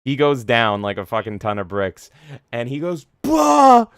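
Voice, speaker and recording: Male host, animated storyteller, crisp voice, close and dry. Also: on the low side, moderate pace, no room sound. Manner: animated, swears a lot, acts out voices. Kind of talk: casual chat, storytelling.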